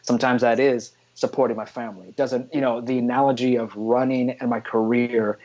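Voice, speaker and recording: A man in his forties, a photographer guesting on a casual podcast interview, tells energetic stories full of salty slang like "freaking" and "man". His voice is medium-pitched and brisk, and the recording sounds muffled.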